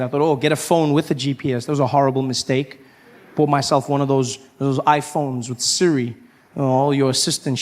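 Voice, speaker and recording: A male comedian performing stand-up, telling a story in an animated way and breaking into sudden shouts. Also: on the high side.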